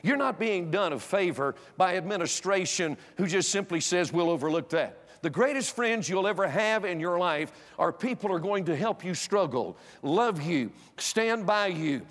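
An older man preaching a sermon, emphatic, moving between loud exhortation and hushed personal storytelling. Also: high voice. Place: church auditorium. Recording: long hall reverb.

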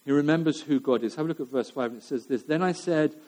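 A man's voice: fairly high pitch, fast talker, hardly any pauses, darkish tone. A man preaching a sermon to his church, talking in a conversational way with fillers and repeated phrases.

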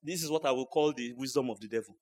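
A man preaching at a church service, swinging between hushed asides and loud shouts. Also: medium pitch, fast. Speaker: pastor. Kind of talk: sermon.

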